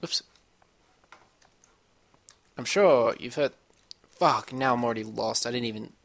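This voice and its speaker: A man's voice: medium pitch, unhurried, gravelly, fairly bright tone. Brief: male let's-player, swears a lot and rambles, grumbling at the game as he plays. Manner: profane, rambling, complaining to himself. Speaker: gamer playing a puzzle map. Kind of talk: let's-play commentary.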